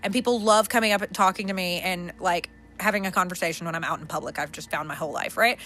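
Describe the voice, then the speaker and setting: A woman's voice: lowish voice, fast, a bit bright, slight background noise. A young woman hosting a podcast in a casual, candid monologue, swearing freely and laughing often between fillers. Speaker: podcast host.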